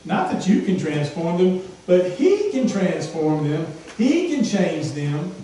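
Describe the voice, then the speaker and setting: High-voiced preacher echoing in a hall. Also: male voice, big pitch swings, slow pace, dark tone, slight background noise. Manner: emphatic, repeats phrases, asks rhetorical questions. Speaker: pastor. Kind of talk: sermon. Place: church sanctuary. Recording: echoey hall from far off.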